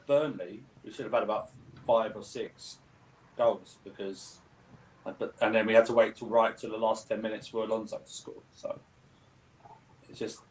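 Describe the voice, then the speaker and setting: A man's voice: lowish voice, low-quality recording. A man co-hosting a casual football watchalong, easygoing and agreeable, often chiming in with "yeah". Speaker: co-host of a watchalong.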